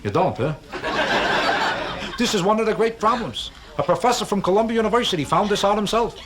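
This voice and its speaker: A man's voice: high voice, expressive, brisk. A man doing a stand-up comedy routine, talking in a sing-song way, firing rhetorical questions at the audience and making boastful, self-mocking jokes. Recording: live club album with audience laughter and vintage background hiss. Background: audience laughter.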